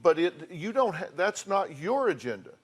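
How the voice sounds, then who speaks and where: An older man with a Southern American accent hosts a confrontational advice talk show, bluntly scolding guests and reading out costs and figures. His voice is husky and sits high, with big pitch swings at a moderate pace.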